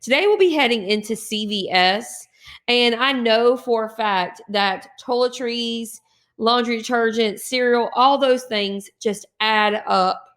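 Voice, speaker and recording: A woman's voice: fairly high pitch, a little slow, a bit bright. A woman hosting a couponing channel, giving an upbeat, encouraging intro to the camera.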